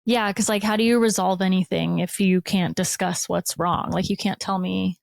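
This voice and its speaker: A woman co-hosting a casual advice podcast, chiming in with blunt, quick remarks. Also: mid-range voice, steady tone, creaky, no echo. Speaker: podcast co-host.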